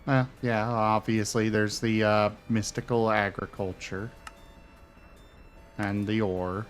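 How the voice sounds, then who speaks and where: Unhurried man musing over a game. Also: fairly low pitch, little pitch movement, faint music behind. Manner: muttering and musing to himself while playing. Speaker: streamer. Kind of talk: casual gameplay commentary.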